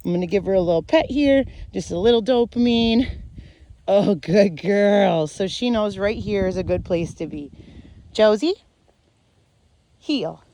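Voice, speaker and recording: A woman's voice: mid-range voice, brisk, warm tone. A woman dog trainer walking a dog outdoors, explaining each step of her method to viewers and stopping to praise the dog. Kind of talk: instructional demonstration while walking a dog.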